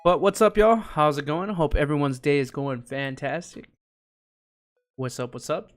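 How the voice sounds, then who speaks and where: A man's voice: a little high, moderate pace, soft background music. A young man hosting a casual live stream, hyped and greeting viewers by name. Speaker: livestream host.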